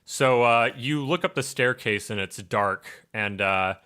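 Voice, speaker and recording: A man's voice: mid-range voice, measured pace, sharp tone, clean tone. A young man narrating a tabletop game as game master, loose and laughing, with many fillers.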